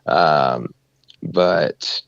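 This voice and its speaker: Deep gravelly rambling man. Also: extremely slow, no echo, lo-fi sound. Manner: rambling, many fillers and "you know"s. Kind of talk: casual podcast chat.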